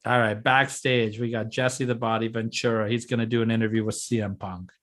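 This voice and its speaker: A man's voice: medium pitch, brisk. Casual man laying out wrestling plans. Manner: excited, teasing, lays out plans step by step. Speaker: podcast co-host booking a fantasy wrestling show. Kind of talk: casual chat.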